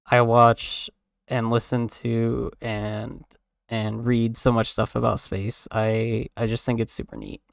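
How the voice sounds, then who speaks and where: A man's voice: medium pitch, flat delivery, slow, gravelly, dry recording, studio quality. A young man streamer chatting in a casual, rambling way, full of "like" and "um" fillers and offhand swearing.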